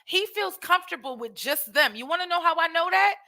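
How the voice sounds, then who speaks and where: A woman hosting her own show, casually commenting on clips in an animated way with rhetorical questions. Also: very high-pitched, brisk. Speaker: host.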